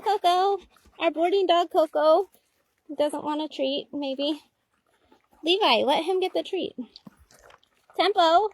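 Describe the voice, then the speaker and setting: Woman hiking vlogger, high pitch, unhurried, out of breath, casual live chat on a phone outdoors. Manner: breathless, chatty, baby talk to her dogs. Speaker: dog owner vlogger. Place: mountain trail outdoors. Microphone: phone held selfie style.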